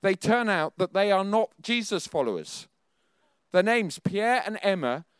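Chatty male preacher, light high voice. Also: big pitch swings, measured pace, fairly bright tone, clean tone, no room sound, studio quality. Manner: self-deprecating, chatty, with nervous laughs. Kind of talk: sermon with personal storytelling.

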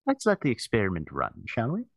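A man playing a tabletop game, deadpan and skeptical. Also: fairly low pitch, a little fast, vocal fry, husky, no room sound, studio quality.

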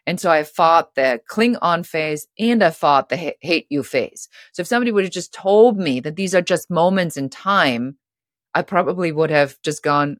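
A middle-aged woman guest on a podcast, telling stories in a lively way and acting out the voices of people she quotes. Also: deep voice, normal speed, no echo, clean studio sound. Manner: animated, acts out quoted voices. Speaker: guest author. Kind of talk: storytelling interview talk.

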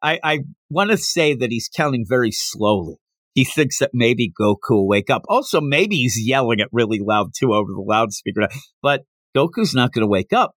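A man casually retelling a comic chapter for his podcast. His pitch leaps around as he gets animated, and the recording is close and dry with no room sound. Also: normal speed, no room sound. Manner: animated retelling with bursts of put-on character voices. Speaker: podcast host. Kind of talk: casual manga recap.

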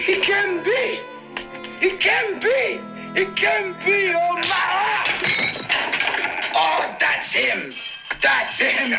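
A man's voice: very high-pitched, gravelly, dull audio, pitched above the performer's own voice, exaggerated voice. An actor playing an emotional old male Russian servant, with a put-on Russian accent, on a film soundtrack. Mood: tearful joy. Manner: sobbing joy, then hushed secretive whispering. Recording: film soundtrack with music behind.

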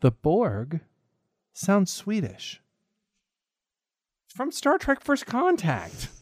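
A man's voice: high-pitched, huge pitch swings, extremely slow, no echo, studio quality. A young man co-hosting a podcast, joking around and making silly "meh" noises in casual chat. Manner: goofy, keeps making a silly bleating "meh" sound. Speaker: podcast co-host.

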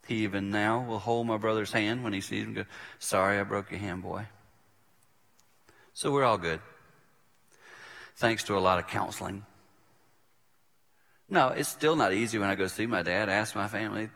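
An older man, a preacher, telling a personal story in a sermon and acting out the voices in it, sometimes dropping to a hush. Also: fairly low pitch, creaky. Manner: vivid storyteller who acts out quoted voices. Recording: reverberant hall.

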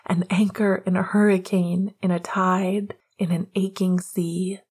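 A woman reading romance narration in a hushed, half-whispered voice. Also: fairly low pitch, level tone, unhurried, slightly rough. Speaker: audiobook narrator.

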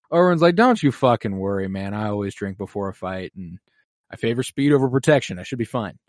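A man co-hosting a podcast recap in an easygoing, profane way. He talks animatedly and often acts out what characters say. His voice sits fairly low and sounds dry and close to the mic. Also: dry recording. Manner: animated, swears freely, acts out characters' lines. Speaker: podcast co-host recapping an episode. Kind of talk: casual chat.

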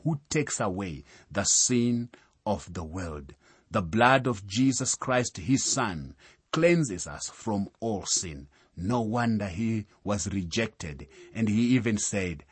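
Husky guy preaching a sermon, slow and solemn, dry mic. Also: on the low side, no room sound. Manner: solemn, deliberate, reads scripture references aloud.

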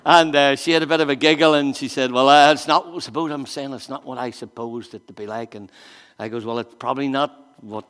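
A man preaching a sermon as a pastor, telling stories with acted-out voices and swinging from quiet asides to loud emphatic bursts. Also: mid-range voice, fairly even intonation, fairly quick, big-room sound.

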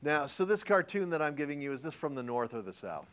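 A man's voice: on the high side, fast talker. A male history teacher lecturing a classroom, joking around and quizzing his students as he goes. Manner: animated, joking, and asks the class questions.

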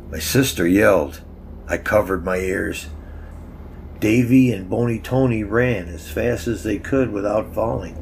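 A man narrating a story with a measured, reflective telling. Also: mid-range voice, slight background noise, low-quality recording.

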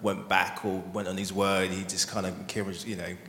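Man sharing in a church group, relaxed and flat, echoey hall with faint noise. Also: low voice, normal speed. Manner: relaxed, with conversational fillers. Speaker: group member.

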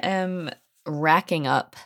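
A woman with a low-pitched voice chats casually as a podcast co-host. She retells a story with animated energy and slips into acted-out quotes. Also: slow pace, dry recording, clean studio sound. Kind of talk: casual book discussion chat.

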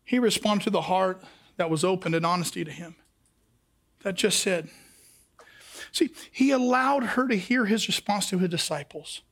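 A male pastor preaching a sermon, swinging between impassioned shouts and quiet asides. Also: sits high, moderate pace, pauses often.

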